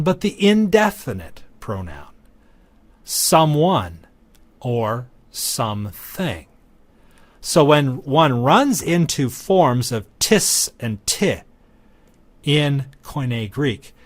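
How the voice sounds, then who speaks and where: A man teaching Greek grammar in a recorded lecture, explaining each form patiently and methodically, with frequent ums. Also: mid-range voice. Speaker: Greek instructor.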